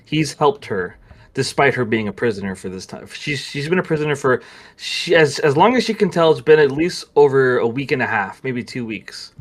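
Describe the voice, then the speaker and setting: A man's voice: mid-range voice, lively intonation, moderate pace. A man narrating a tabletop game as game master, explaining at length with hesitations.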